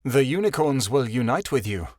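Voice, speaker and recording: A man's voice: mid-range voice, very animated, moderate pace, a little mellow, no echo, studio quality. A man voicing a noble male unicorn stallion in an audiobook, speaking in a formal, proclaiming manner. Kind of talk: audiobook character voice.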